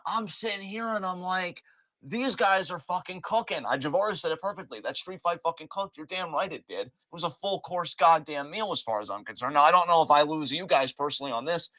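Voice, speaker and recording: A man hosting a podcast, recapping events in an animated, joking way with plenty of swearing. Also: on the high side, brisk, no echo. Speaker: podcast host. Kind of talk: casual wrestling recap chat.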